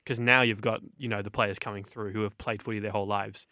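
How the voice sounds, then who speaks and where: An Australian man hosts a sports podcast, breaking down games with eager, confident opinions in long runs. His voice sits a little low for a man. It is recorded close and dry, with no room echo. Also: little pitch movement, fast, bright, forceful tone. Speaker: sports journalist and podcast host. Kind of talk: casual sports podcast analysis.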